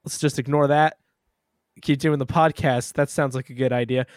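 A man's voice: mid-range voice, fairly even intonation, normal speed, no echo, clean studio sound. A man hosting a podcast, joking and rambling with lots of fillers. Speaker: podcast host. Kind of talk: casual podcast chat.

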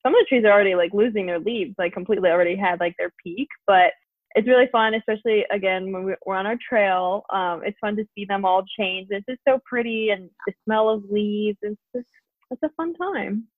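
A woman's voice: mid-range voice, a little fast, dry recording. A woman in her twenties co-hosting a podcast over a video call, chatting enthusiastically and giggling, with many fillers. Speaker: podcast co-host. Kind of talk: casual chat. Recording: tinny dry phone-like call audio.

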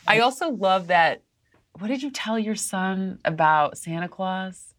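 A woman's voice: mid-range voice, a little slow. A woman hosting a casual interview, asking playful, curious questions. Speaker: host.

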